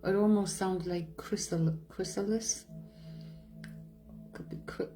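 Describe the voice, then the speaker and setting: A woman hosting a live stream as a medium, chatting loosely and answering her viewers' comments as they come in. Her voice is warm and relaxed, sitting at an ordinary pitch for a woman, with faint music playing under her. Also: takes it slowly, low-quality recording. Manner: chatty, reads viewer comments aloud and answers them, laughs often. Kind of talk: casual chat on a live stream.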